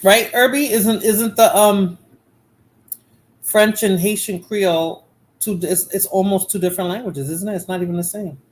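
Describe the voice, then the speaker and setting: A woman hosts a casual livestream, chatting drowsily to viewers and addressing people in chat by name. Her mid-range, darkish voice moves at a moderate pace as she rambles with fillers and restarts, and the recording quality is low.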